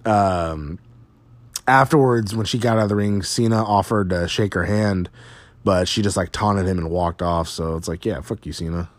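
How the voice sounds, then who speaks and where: A man's voice: low-pitched, normal speed, no echo. A man casually recapping a wrestling show, rambling and swearing, with lots of fillers.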